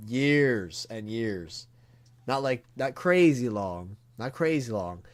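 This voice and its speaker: A man streaming a live reaction, awestruck and emotional, talking in halting bursts that trail off and restart. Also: medium pitch, animated. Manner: emotional and earnest. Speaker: streamer reacting to a comic chapter.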